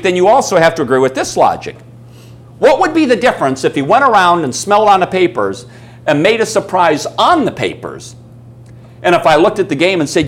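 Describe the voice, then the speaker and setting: A man's voice: a little high, very animated, a little fast, a bit bright. A man giving a live coaching seminar, who keeps asking the room questions and acts out little stories. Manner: emphatic, asks the audience questions and acts out stories. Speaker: business coaching speaker. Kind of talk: live seminar talk to an audience.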